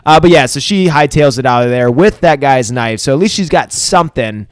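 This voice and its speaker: A man's voice: mid-range voice, expressive, fairly quick, clean tone, no room sound, clean studio sound. Loose, profane man recapping a TV episode. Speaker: podcast co-host. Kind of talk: casual TV recap chat.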